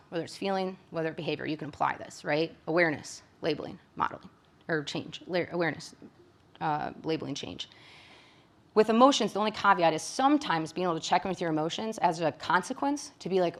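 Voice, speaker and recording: Conversational woman psychologist, lowish voice. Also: expressive, fast. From Michigan. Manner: conversational, frequent tag questions. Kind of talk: presentation to caregivers.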